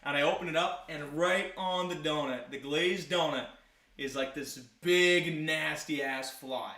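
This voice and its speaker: A man's voice: on the high side, fairly even intonation, brisk, sharp tone. A young man telling a rambling story in casual chat on a live stream, full of fillers and restarts. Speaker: musician hosting a live stream. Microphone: live-stream device mic. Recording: roomy echo, faint guitar.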